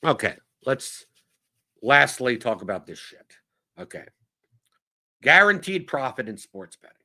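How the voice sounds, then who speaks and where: A man's voice: mid-range voice, big pitch swings, unhurried, sharp tone. A man hosting a casual Q&A show, riffing bluntly and profanely in an exasperated monologue. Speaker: podcast host answering viewer questions.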